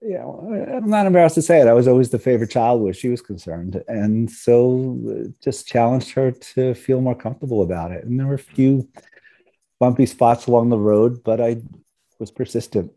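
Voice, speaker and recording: A man's voice: mid-range voice, expressive, moderate pace, dark tone. A man from New York, an interview guest, telling personal stories in a casual, humorous way and acting out the voices of people he quotes. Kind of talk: casual storytelling.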